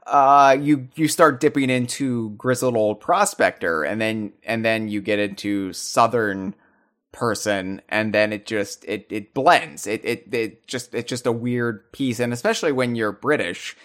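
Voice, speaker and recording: A man of ordinary pitch chatting on a podcast, full of enthusiasm. He often restarts his sentences and stacks up his thoughts as he goes, in a relaxed and unscripted way. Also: measured pace. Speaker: podcast co-host. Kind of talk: casual chat.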